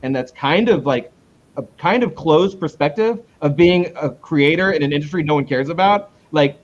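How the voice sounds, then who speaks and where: A man talks casually as a guest in an interview, rambling and cutting himself off as he works his way back to his point. His voice sits a little high for a man, and the recording sounds muffled and lo-fi. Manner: rambling, self-interrupting, with quick pitch jumps when retelling. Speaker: comic book creator, guest.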